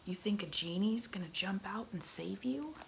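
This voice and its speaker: A woman's voice: mid-range voice, animated, normal speed, vocal fry, a little hiss or hum, rough recording. A woman voicing a swaggering, hot-tempered male pirate captain in a gloating whispered role-play. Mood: scornful.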